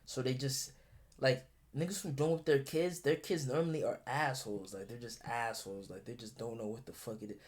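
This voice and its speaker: A man's voice: mid-range voice, fairly even intonation, a little fast. A young man talking casually and bluntly as a streamer reacting to a video, profane and rambling, full of restarts.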